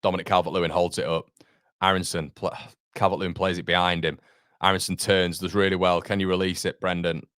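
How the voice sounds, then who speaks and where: A man's voice: sits low, level tone, a little fast, a bit bright, no room sound, studio quality. A man hosting a fan watchalong, calling the match live play by play and answering viewer chat, with partisan exasperation. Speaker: fan channel host.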